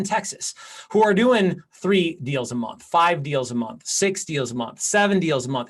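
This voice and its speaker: Brief: animated man coaching real estate agents in a class, fairly high voice. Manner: energetic, animated, with many restarts. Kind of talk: live class instruction.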